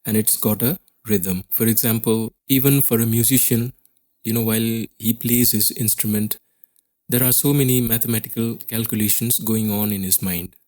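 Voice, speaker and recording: A man's voice: on the low side, fairly even intonation, normal speed, darkish tone. A man with an Indian English accent teaching a class lesson on poetry, explaining step by step and often checking in with "okay?".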